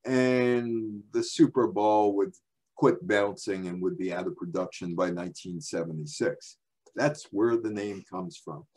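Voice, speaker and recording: A man's voice: deep voice, a little slow, a little mellow. A man, probably in his sixties, from the New York area, giving a chatty library talk with slides, full of asides and rhetorical questions. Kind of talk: storytelling presentation with slides.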